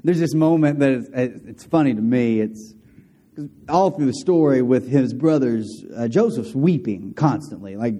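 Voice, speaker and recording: A man preaching a sermon to a congregation, telling a story in a conversational, animated way with asides to the listeners. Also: mid-range voice, moderate pace. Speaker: pastor.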